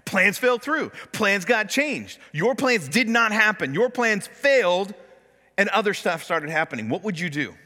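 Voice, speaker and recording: A pastor preaches a sermon from the pulpit of a church sanctuary in a high-pitched, bright voice, speaking a little slowly. He is animated, acting out the complaints and prayers he quotes, and the sound rings with the long reverb of a large church hall.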